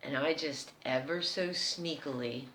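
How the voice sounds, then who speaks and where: A woman with an American accent telling a personal story as a vlogger, animated and chatty. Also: sits low, unhurried, a little hiss or hum. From United States. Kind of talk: casual storytelling. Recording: roomy echo.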